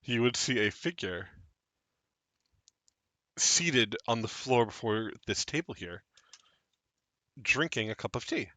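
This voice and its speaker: A man's voice: mid-range voice, expressive, takes it slowly, pauses often, pushed and bright. A man narrating as game master of a tabletop game, with wry asides.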